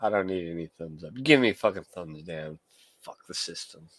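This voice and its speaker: A man's voice: sits low, moderate pace, fairly bright tone, no echo. A man from California, hosting a casual late-night livestream and chatting loosely with viewers, joking and swearing freely as he talks to them by name. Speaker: livestream host, collector.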